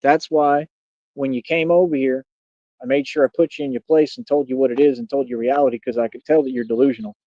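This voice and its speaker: A man's voice: mid-range voice, steady tone, warm tone, dry recording, lo-fi sound. A man in his thirties hosting a livestream, ranting boastfully and confrontationally at his critics. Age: 30s. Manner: boastful, confrontational, talks fast. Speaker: streamer and radio show host. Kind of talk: livestream rant.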